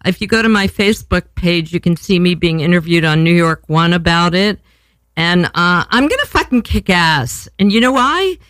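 A woman's voice: fairly low pitch, lively intonation, moderate pace, a bit bright, no echo. An older woman hosting a chat show, casual and rambling, cursing freely and poking fun at herself. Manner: rambling, profane, self-deprecating. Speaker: podcast host.

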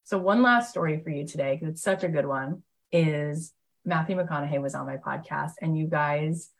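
A woman's voice: deep voice, moderate pace, creaky, low-quality recording. A woman coaching an audience in an earnest, emphatic motivational talk, speaking straight to her listeners. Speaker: motivational coach and podcast host.

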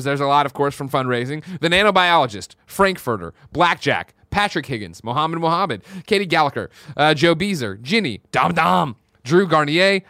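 A man hosting a casual daily video game news show, reading headlines aloud with an animated, jokey delivery. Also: mid-range voice, dry recording, studio quality.

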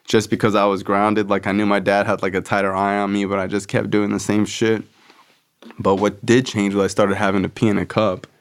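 A man's voice: on the low side, level tone, a little fast, smooth. A young man hosting a podcast, telling a personal story in a loose, profane way and acting out the voices of people he quotes. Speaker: podcast host. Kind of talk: casual storytelling.

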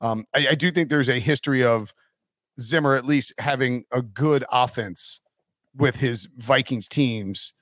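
A man's voice: medium pitch, measured pace, a bit bright, no echo. Rambling male podcast host, dry sound. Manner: rambling, filler-heavy. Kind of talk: casual podcast chat.

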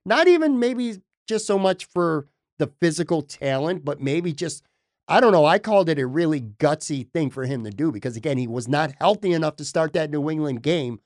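Upstate ny guy hosting a podcast, kinda high voice, upbeat and chatty, dry close sound. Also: expressive, darkish tone, no room sound. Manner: upbeat, chatty, quick rapid-fire questions. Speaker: podcast host. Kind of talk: casual sports chat interview. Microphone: remote computer call.

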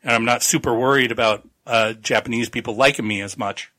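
Bright-voiced man recapping a novel. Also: medium pitch, fairly even intonation, a little fast. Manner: rambling, profane plot recap with quoted asides. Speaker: podcast host. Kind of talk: casual book-discussion podcast.

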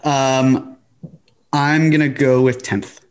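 A man's voice: mid-range voice, little pitch movement, slow. Man, sports podcast co-host, casual chat, skeptical, asks for stats.

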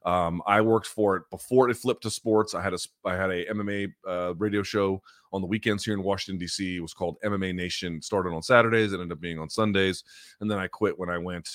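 A man hosting a podcast, telling a story in a casual, animated and emphatic way and swearing freely. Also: low-pitched, no echo, clean studio sound. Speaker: podcast host.

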